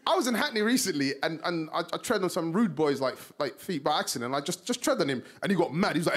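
A young man from Somalia with a South London accent, performing an animated stand-up comedy set on a TV studio stage. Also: on the high side, fast, hardly any pauses. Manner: animated, acts out characters in voices. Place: TV studio stage before a live audience. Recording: live audience laughter behind.

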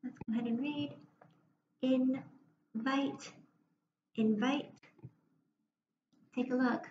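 A woman teacher giving a phonics lesson to young children, speaking slowly and clearly with encouragement. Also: high-pitched, fairly even intonation, dark tone. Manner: slow, clear, encouraging classroom delivery. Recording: roomy, dull lo-fi classroom recording with faint noise.

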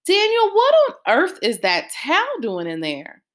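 A woman's voice: high-pitched, wildly swooping pitch, a little slow, voice pushed up, exaggerated voice. A woman voicing a worried mother who scolds her family. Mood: worried scolding.

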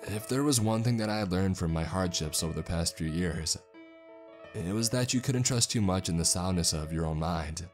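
A man with a deep, low-pitched voice tells a first-person horror story at a measured, deliberate pace. His delivery is steady and suited to scripted narration, with soft music playing faintly underneath.

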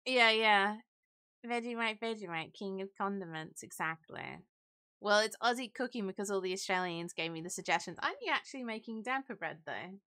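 A woman's voice: medium pitch, expressive, a little fast, pushed and bright. A young woman co-hosting a live stream in casual chat, giggly and teasing. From Great Britain. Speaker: stream co-host.

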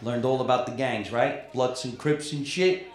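A man's voice: mid-range voice, steady tone, normal speed. Male stand-up, East Coast accent, cocky and profane, live club echo. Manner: brash, profane crowd work. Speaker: stand-up comedian. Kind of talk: stand-up comedy set. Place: comedy club stage. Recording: roomy live club sound. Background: crowd laughter.

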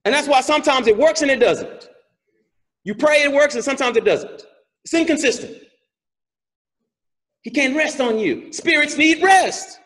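A man preaching a sermon as pastor, asking the congregation questions and rising from quiet reading to shouted exhortation. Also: very high-pitched, expressive, normal speed, pauses often.

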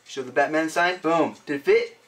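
A man casually chatting as he opens fan mail for his vlog, upbeat and often shouting out exclamations. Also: a little high, moderate pace. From United States. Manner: upbeat, punctuates items with loud exclamations. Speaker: vlogger opening fan mail.

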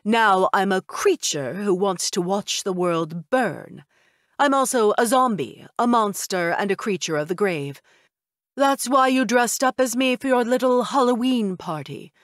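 A woman's voice: on the high side, animated, measured pace, no echo, studio quality, pitched above the performer's own voice. A woman voicing a curt, proud vampire mother. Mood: wounded, cutting. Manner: curt, indignant. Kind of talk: audiobook character voice.

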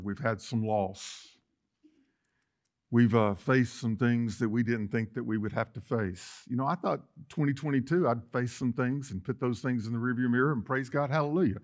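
Pastor sureño de mediana edad, tono de voz medio, sermón campechano y enfático en la iglesia. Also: male voice, mid-range voice. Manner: folksy, rising to loud emphatic preaching. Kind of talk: sermon. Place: church sanctuary.

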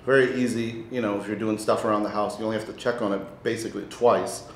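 A man's voice: lowish voice, steady tone, fast talker. Easygoing male host in an echoey room. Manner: easygoing, chatty, practical. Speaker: cooking show host. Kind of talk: casual chat. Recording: roomy echo, faint noise.

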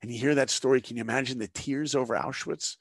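Gravelly-voiced man telling an earnest story. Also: mid-range voice, fairly even intonation, fast, no echo, studio quality. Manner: earnest, preacher-like, asks rhetorical questions. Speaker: guest, animation director. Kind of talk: dramatic storytelling in conversation.

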